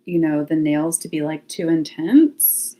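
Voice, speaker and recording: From her home near the laundry closet, a woman with a deep, warm voice hosts a casual livestream at an unhurried pace. She talks to viewers live, musing aloud and laughing often.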